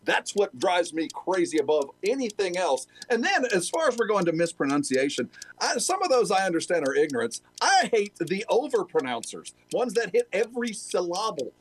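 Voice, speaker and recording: A man's voice: high voice, a little hiss or hum. A man chatting as a panelist, joking in a wry way. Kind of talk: casual panel chat.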